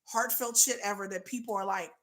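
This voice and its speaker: A woman's voice: medium pitch, fairly even intonation, a little fast, a bit bright. A woman hosting a casual livestream, talking candidly and bluntly and laughing often. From United States. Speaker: livestream host.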